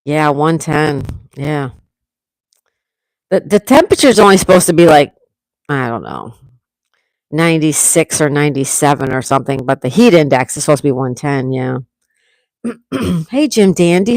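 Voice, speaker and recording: A congested woman hosting a relaxed livestream at home, chatting and reading out viewers' comments. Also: low voice, normal speed, long pauses, no echo. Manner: relaxed, chatty, laughs often. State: congested, coughing. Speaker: livestream host.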